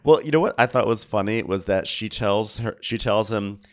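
A man co-hosting a recap podcast, loose and playful, often breaking into laughter. His voice sits on the low side and stays conversational. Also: moderate pace. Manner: laughing, chatty, playful asides. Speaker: podcast co-host. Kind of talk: casual comedic recap chat.

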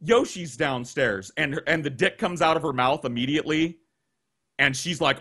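A man telling a long story on a podcast, animated and profane, acting out the people he quotes, on a video call. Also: fairly high pitch, moderate pace, husky. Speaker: guest storyteller.

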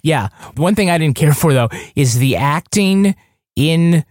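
Male co-host, slightly high voice, dry mic, sarcastic deadpan chat. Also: measured pace, no echo. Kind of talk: casual chat.

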